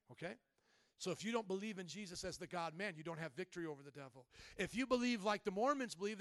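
Male pastor, high voice, lively emphatic preaching, dry close sound. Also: dry recording. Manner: animated, emphatic preaching, bursts into shouts. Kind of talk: sermon. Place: church service.

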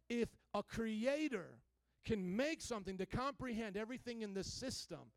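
A man's voice: high-pitched, dry recording. A male pastor giving a sermon to his congregation, talking casually and putting many questions to the listeners. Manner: conversational, asks the congregation questions; casual informal phrasing. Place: church.

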